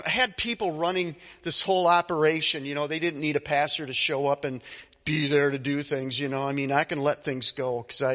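A man preaching a sermon as pastor, telling stories with animated delivery and acting out the voices of the people in them. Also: on the high side, in a large hall. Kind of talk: sermon with storytelling.

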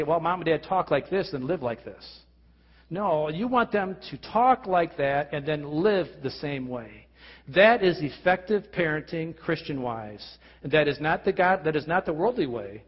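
Male pastor, slightly high husky voice, earnest sermon, lo-fi hall recording. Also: expressive, normal speed. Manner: earnest preaching with frequent restarts and rhetorical questions. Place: church hall. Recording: lo-fi recording with long hall reverb.

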